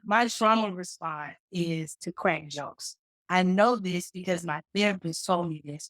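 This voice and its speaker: A woman's voice: mid-range voice, no echo, low-quality recording. A woman in her early thirties from Dallas tells a story with playful asides as a podcast guest. Her voice sits in the middle range and sounds dry and close, coming in over a call. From Dallas, Texas. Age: 30s. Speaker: guest, comedian and flight attendant. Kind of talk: casual storytelling interview. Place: remote call.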